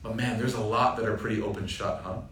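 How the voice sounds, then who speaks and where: A young man teaching an informal Quran reflection class, lively and joking, often asking the audience questions. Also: fairly low pitch, quick pace. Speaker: Islamic teacher. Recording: roomy sound from a distant mic with faint ambient noise.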